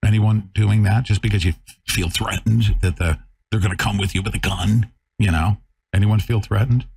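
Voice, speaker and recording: Brief: male talk host, low husky voice, combative rant. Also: fairly even intonation, moderate pace. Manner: fiery, combative, swings between shouting and muttering. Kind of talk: bombastic talk radio rant.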